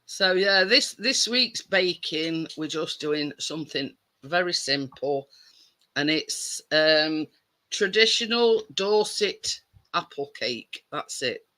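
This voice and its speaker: Slow-talking woman, bright voice. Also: sits low, expressive. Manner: rambling, repeats and restarts words. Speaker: live stream host. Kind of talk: casual chat on a live stream.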